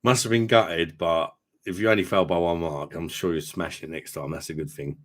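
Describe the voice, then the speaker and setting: A chatty man in his forties hosts a relaxed livestream. His voice is low. He greets viewers, swears freely and laughs often. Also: fairly quick. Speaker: host. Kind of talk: casual livestream chat.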